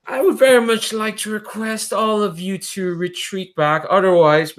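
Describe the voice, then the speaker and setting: A man's voice: on the high side, a bit bright, pitched above the performer's own voice. A man voicing a haughty queen who threatens enemy forces in a mock-polite, sneering way. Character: haughty, taunting female queen threatening invaders.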